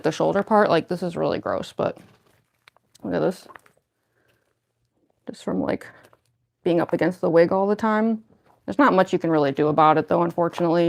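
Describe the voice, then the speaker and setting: A woman's voice: on the low side, vocal fry, darkish tone. Chatty woman with a slight lisp. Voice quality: slight lisp from costume fangs. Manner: rambling, filler-heavy, self-deprecating. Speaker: cosplayer livestreaming her costume prep. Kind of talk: casual livestream chat.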